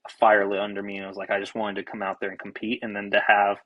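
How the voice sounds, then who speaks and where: Husky young man telling a fiery story. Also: fairly low pitch, rapid-fire, dull audio. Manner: animated, self-described fiery, swears freely, many restarts. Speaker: podcast guest, baseball pitcher. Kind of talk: casual podcast storytelling.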